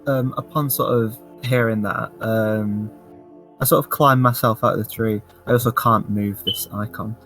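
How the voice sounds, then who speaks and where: A man's voice: lowish voice, steady tone, normal speed, a bit bright, faint music behind. A man describing his character's actions in a tabletop game, hesitant and full of fillers. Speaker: player.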